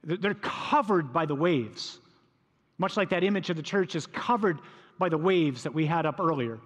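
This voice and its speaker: A man preaching a sermon, his voice sitting fairly high for a man. He tells the scripture as a lively story and slips into the voices of the people in it. The sound rings with the long reverb of a large hall. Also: moderate pace. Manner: storytelling, acts out voices of disciples. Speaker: priest preaching.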